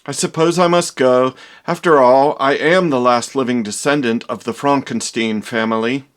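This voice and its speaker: A man's voice: mid-range voice, moderate pace, lightly acted. A man playing a vain, dramatic young doctor in a comedy parody, with theatrical, exaggerated delivery.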